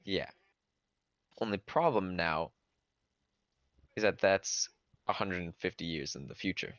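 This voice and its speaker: A man's voice: low-pitched, a little slow, fairly bright tone, dry recording, dull audio. A man playing a tabletop game, talking bluntly and plainly in casual chat.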